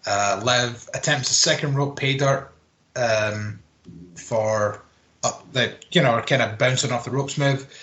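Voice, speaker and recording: Medium in pitch and sharp in tone, this man co-hosts a podcast and recaps wrestling in a loose, casual chat. His play-by-play rambles, is full of swearing and leans on filler words.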